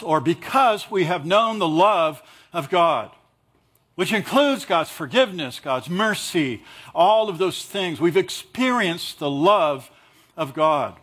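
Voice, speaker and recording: A man's voice: a little high, fairly bright tone. A man preaching a sermon in a conversational way, mixing explanation of scripture with light jokes and acted-out asides. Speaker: pastor.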